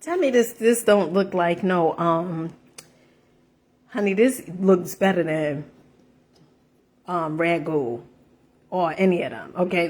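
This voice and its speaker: A woman chatting through a casual home cooking vlog, animated and full of fillers, calling her viewers honey. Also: fairly low pitch, slow, long pauses. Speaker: vlogger. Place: home kitchen.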